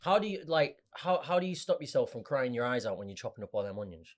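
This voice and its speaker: A man from Manchester with a Mancunian accent, chatting casually as a podcast co-host. His pitch swings a lot as he jokes and rambles, often with his mouth full. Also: very animated, fast talker. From Manchester, England. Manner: jokey, rambling, talks while eating. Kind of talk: casual chat over food.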